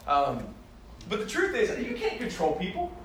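A man giving a sermon in a conversational, self-deprecating way, growing animated as he tells personal stories. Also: high voice, normal speed, a little hiss or hum. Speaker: pastor. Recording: echoey room heard from a distance.

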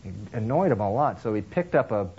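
Halting, conversational male preacher. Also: breathy edge, lo-fi sound. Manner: conversational, halting with many restarts and fillers; acts out characters' lines with lively swings in pitch. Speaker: pastor. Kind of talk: sermon with a told story.

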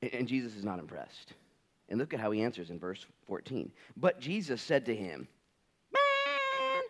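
A male pastor preaching a sermon in an animated, conversational and playful way. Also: lowish voice, fairly quick, husky.

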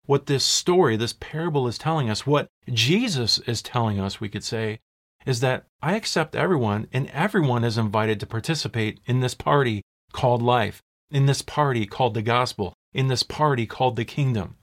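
A man's voice: medium pitch, animated. Emphatic male preacher asking rhetorical questions. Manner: emphatic, asks rhetorical questions, slows down to stress words. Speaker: pastor. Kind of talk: sermon.

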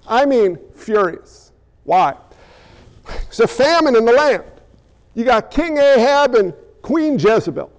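A man preaching a sermon, animated and firing rhetorical questions at his listeners. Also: very high-pitched, big-room sound.

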